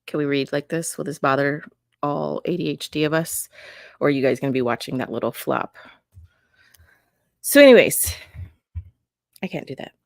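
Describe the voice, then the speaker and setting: A woman's voice: sits low, lively intonation, moderate pace, gravelly, long pauses, no room sound, clean studio sound. A woman hosting an astrology podcast, talking casually in a rambling, chatty way that keeps interrupting itself. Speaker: podcast host and astrology reader. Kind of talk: casual chat. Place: home recording on camera.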